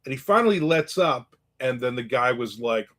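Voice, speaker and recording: A man telling a story in a casual monologue, animated and acting out the people in it with raised voices. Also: medium pitch, normal speed.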